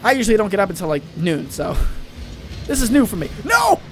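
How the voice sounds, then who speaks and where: High-voiced hyper young gaming guy. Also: expressive, brisk, over loud music. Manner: hyper, rambling, yells at teammates. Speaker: gaming channel host. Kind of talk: excitable let's-play commentary.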